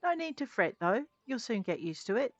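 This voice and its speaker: A woman voicing a friendly older male cart driver in a game, trying a rough Scottish-flavoured burr as she reads his lines. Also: mid-range voice, lively intonation, a little fast, dry recording, highs cut off, faint music behind, natural voice. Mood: reassuring. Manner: folksy, reassuring, a rough attempt at a Scottish burr.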